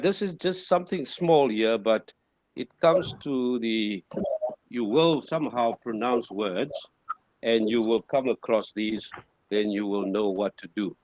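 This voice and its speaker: A man teaching a classroom lesson, sounding out words slowly syllable by syllable and repeating them. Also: medium pitch, darkish tone, no room sound, clean studio sound.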